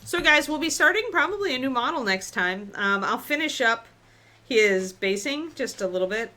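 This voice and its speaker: A woman's voice: on the high side, normal speed. Woman talking through her painting. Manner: relaxed, chatty, thinking aloud while painting. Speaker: miniature painting instructor. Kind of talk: live-stream painting tutorial.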